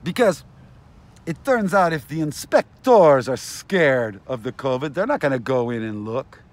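A man giving an agitated, aggrieved ranting monologue to camera, often repeating himself. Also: on the high side. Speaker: vlogger.

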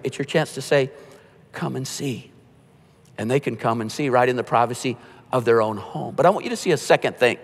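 A man preaching a sermon as pastor, conversational, with joking asides and quietly told stories. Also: mid-range voice. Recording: long hall reverb.

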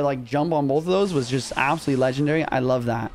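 A young man commentating his own live gameplay in casual slang, excitable and quick to yelp when rattled. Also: medium pitch. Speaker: gaming streamer. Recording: music underneath.

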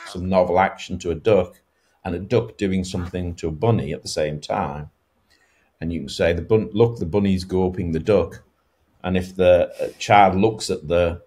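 A man with a very low voice answers interview questions as an expert. He explains things carefully and sometimes repeats a word as he works out his sentence. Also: mellow. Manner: thoughtful, explanatory, with restarts. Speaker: guest expert.

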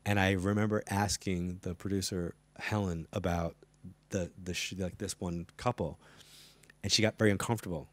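In a studio interview before a live audience, a middle-aged psychic medium tells anecdotes with animation, acting out the dialogue as he chats. His voice sits low, and the recording is dry.

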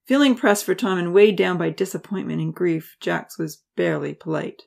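A woman narrating an audiobook in steady storytelling style. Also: fairly low pitch, normal speed, vocal fry.

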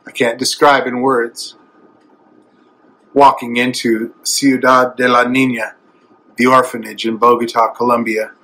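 A man's voice: mid-range voice, pushed and bright, husky, poor audio. Tender, emotional preacher man. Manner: emotional, tender, swelling to emphatic. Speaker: evangelist. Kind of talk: sermon.

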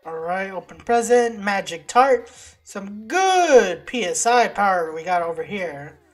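Slow-talking woman doing game commentary. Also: mid-range voice. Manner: excitable, swears and yelps at setbacks. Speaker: let's play gamer. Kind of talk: casual gameplay commentary. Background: game music.

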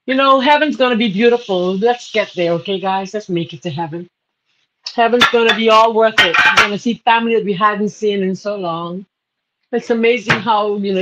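A woman's voice: medium pitch, a little fast, a bit bright. Emotional Bahamian woman cooking live. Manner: emotional, laughing, spiritual asides. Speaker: cooking show host. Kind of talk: casual live cooking chat. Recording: slightly dull audio with faint noise.

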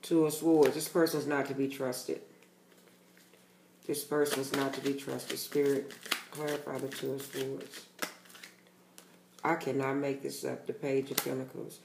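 A man's voice: mid-range voice, flat delivery, a little slow, vocal fry, pauses often, echoey room, background noise. A man giving a casual tarot reading to his channel's viewers, talking bluntly and emphatically and swearing freely. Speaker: tarot reader.

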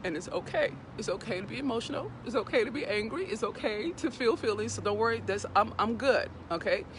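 On a morning walk outdoors, a woman hosts a casual direct-to-camera talk into a handheld phone, her voice a little high, expressive and a little fast. She is emotional, earnest and heartfelt, repeating words as she gathers herself, and the background is noisy.

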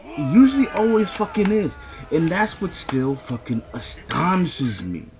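A man giving live fighting-game commentary, boasting and trash-talking the opponent with heavy profanity, often shouting. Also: on the high side, big pitch swings, unhurried. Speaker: gameplay commentator.

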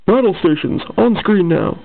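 An anxious military sergeant, read by a man calling out urgent orders in a fairly high, gravelly voice. The sound is tinny and phone-like. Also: expressive, moderate pace, exaggerated voice. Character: anxious male military sergeant on a ship's bridge.

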